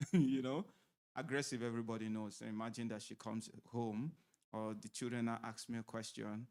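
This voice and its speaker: A man's voice: medium pitch, level tone, moderate pace, darkish tone. A man gives a church marriage seminar talk in an ordinary mid-range voice. He is conversational and easygoing. He explains each point with everyday examples.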